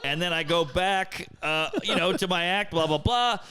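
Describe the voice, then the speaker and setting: A man's voice: high voice, normal speed. A man in his thirties, a comedian, telling stories in casual chat and acting out what people said. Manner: animated storyteller, acts out quotes. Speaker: comedian guest.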